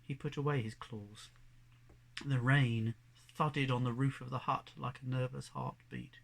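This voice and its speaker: A man reading a children's novel aloud as narrator, measured and expressive. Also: medium pitch, vocal fry. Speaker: audiobook narrator. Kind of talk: storybook narration.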